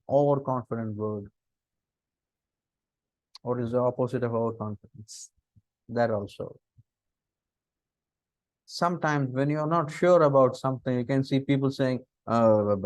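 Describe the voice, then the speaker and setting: A middle-aged man with an Indian English accent, giving a lecture on interview skills, lively and full of rhetorical questions. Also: on the high side, no echo. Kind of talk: lecture on interview body language.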